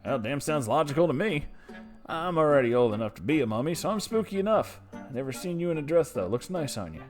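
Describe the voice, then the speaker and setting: Brief: man playing a gruff old veteran, raised pitch, loud and cursing, no patience for fools. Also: big pitch swings, fast, faint music behind. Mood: teasing. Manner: blunt, cursing, mocking. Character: cranky foul-mouthed old male war veteran.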